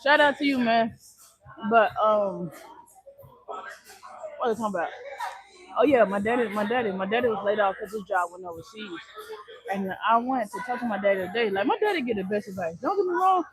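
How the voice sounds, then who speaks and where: A man's voice: high-pitched, expressive, fast, a crowd in the background, poor audio. A man hosting a livestream, chatting casually in a rambling way and repeating his phrases. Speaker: livestream host.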